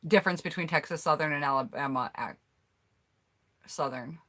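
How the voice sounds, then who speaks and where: A low-pitched American woman chats on a casual live stream. Her voice is bright and forceful. She answers viewer comments in a blunt, candid way. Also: moderate pace. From United States. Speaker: YouTuber hosting a live stream.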